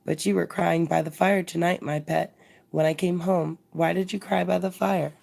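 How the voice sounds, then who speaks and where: A woman's voice: lowish voice, fairly even intonation, moderate pace, creaky, darkish tone. A woman reading the lines of a jolly elderly male porter, a fond father beside himself with joy. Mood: joyful. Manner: hearty, fond exclamations.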